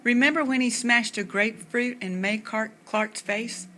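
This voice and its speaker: A woman voicing an excitable young girl who chatters eagerly about movies and mysteries. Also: a little high, normal speed, a little hiss or hum. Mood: excited.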